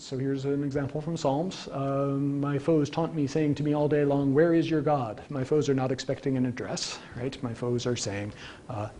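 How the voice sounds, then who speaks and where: A man giving a conversational public lecture from slides, with frequent ums and casual asides. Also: dark tone. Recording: archival local-TV lecture tape, faint rumble.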